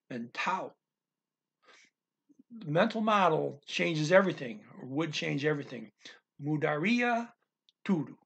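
Slow, husky man teaching casually. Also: a little high, fairly bright tone. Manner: thinking aloud, restarts, reads phrases slowly. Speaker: language teacher. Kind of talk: casual explanatory lesson.

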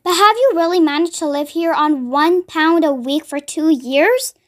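A woman voicing a bright, eager little girl in a read-aloud storybook, in a high, eager child voice. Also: moderate pace, natural voice.

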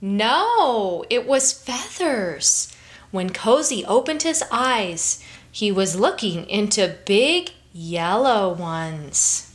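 A woman hosting a children's story time, reading a picture book aloud in an expressive, unhurried storytelling manner. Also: medium pitch, a little hiss or hum.

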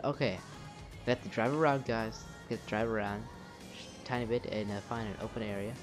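A man's voice: fairly low pitch, brisk. A young man casually commenting while he plays a video game, narrating his own moves and swearing at the game when things go wrong. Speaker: gameplay commentator. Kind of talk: casual let's-play commentary. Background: game music.

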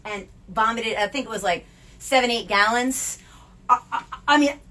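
A middle-aged woman with a Southern American accent, co-hosting a casual knitting podcast and telling stories with animated, bubbly energy. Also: fairly high pitch, a little fast. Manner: bubbly, animated storyteller with laughs. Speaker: podcast co-host, Spanish professor. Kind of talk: casual chat while knitting. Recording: faint background noise.

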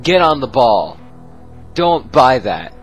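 A man's voice: medium pitch, very animated, slow, dull audio. Goofy young man narrating his gameplay. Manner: goofy, rambling, talks to viewers. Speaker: gaming video host. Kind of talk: let's play commentary. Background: game music.

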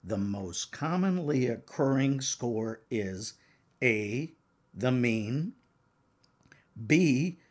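An older man, a professor and exam-prep author, lecturing earnestly and emphatically to counseling exam takers. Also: mid-range voice.

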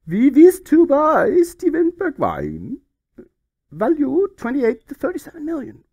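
A man's voice: very high voice, huge pitch swings, measured pace, creaky, darkish tone, dull audio, voice pushed up, heavily acted. A man voicing a pompous male German club official with a put-on German accent, stiff and formal.

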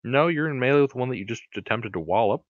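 A man's voice: mid-range voice, expressive, racing, no room sound, dull audio. A man running a tabletop game as game master on a live stream, talking casually and crudely, often restarting his sentences. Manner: casual, crude, stumbles and restarts when explaining.

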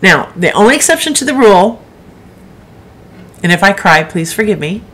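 A woman's voice: medium pitch, big pitch swings, moderate pace, a bit bright. A middle-aged woman author hosting a live broadcast, chatting frankly and rambling into asides with her viewers. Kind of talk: casual livestream chat.

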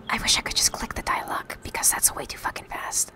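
A woman's voice: fairly high pitch, steady tone, quick pace, gravelly, few pauses. A woman streamer in whispered role-play, reading game dialogue aloud and answering chat in a whisper. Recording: music playing behind the whisper.

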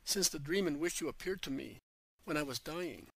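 A man reading a meek, gentle woman disciple. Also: on the high side, animated, normal speed, no echo.

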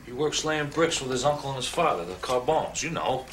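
An actor playing a defensive, streetwise young man in a film clip, brash and quick to excuse. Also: mid-range voice, expressive, fairly bright tone, lightly acted, rough recording. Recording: film soundtrack with background noise.

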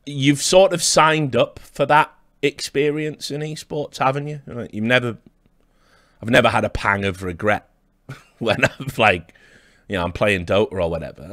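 A man's voice: mid-range voice, normal speed, fairly bright tone, dry recording. A man hosting a livestream, mocking and rambling in a dry, sardonic way with chuckles. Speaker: livestream host.

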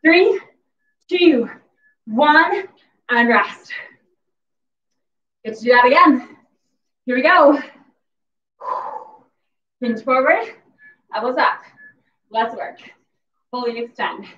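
A woman's voice: high-pitched, expressive, slow, long pauses, fairly bright tone. A woman fitness instructor coaching a workout class, out of breath, calling cues and cheering with whoops. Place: exercise facility gym. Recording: echoey gym from far off, dull sound.

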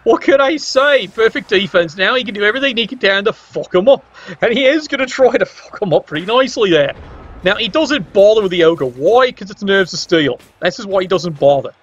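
A man's voice: high voice, animated, fairly quick, fairly bright tone, lo-fi sound. A man doing casual, wry play-by-play commentary on a game stream, teasing the players with exclamations.

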